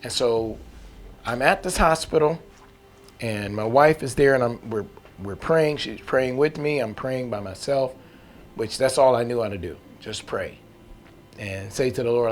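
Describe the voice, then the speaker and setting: A man tells his own faith testimony in a relaxed, conversational way. He is earnest and candid, often restarts his sentences, and uses folksy turns of phrase. His voice sits at an ordinary middle pitch. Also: measured pace. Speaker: testimony speaker.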